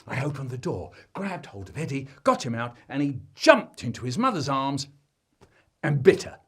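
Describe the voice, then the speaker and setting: Male storyteller. Husky, lively pitch, deadpan comic delivery. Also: normal speed. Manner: dramatic swings between deadpan and loud.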